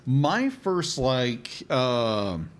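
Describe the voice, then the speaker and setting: A man's voice: medium pitch, very animated, extremely slow. A man co-hosting a film podcast, talking casually and rambling, with many fillers and restarts. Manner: rambling, filler-heavy, repeats "be like" and "um". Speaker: podcast co-host. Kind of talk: casual chat.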